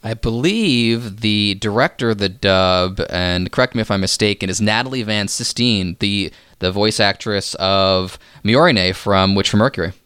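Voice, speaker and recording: Low, bright-voiced joking man. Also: moderate pace, hardly any pauses, smooth, dry recording, clean studio sound. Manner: joking, enthusiastic. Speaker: podcast co-host. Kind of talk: casual chat.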